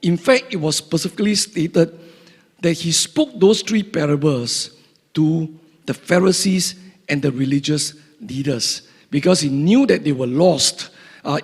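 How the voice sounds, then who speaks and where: A male pastor preaching a sermon, reading scripture slowly and deliberately and explaining it with frequent fillers. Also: fairly high pitch, a little mellow, slightly rough. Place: church sanctuary. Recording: long church hall reverb.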